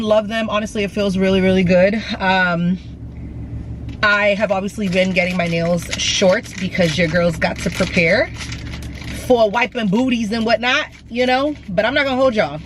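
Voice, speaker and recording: A woman's voice: medium pitch, normal speed, low-quality recording. A pregnant woman in her thirties chats casually and candidly to her viewers, calling them y'all and mixing in plenty of slang. She records herself on a handheld camera, mostly from her car and at home. A faint hum of car and room noise sits behind her voice. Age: 30s. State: heavily pregnant. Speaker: vlogger. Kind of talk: chatty vlog talk.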